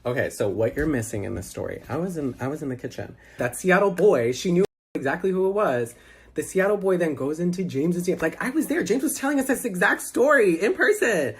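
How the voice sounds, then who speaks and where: A man as an interview guest, telling a story in a casual, animated way, acting out quoted dialogue and swearing freely. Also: a little high, fairly quick.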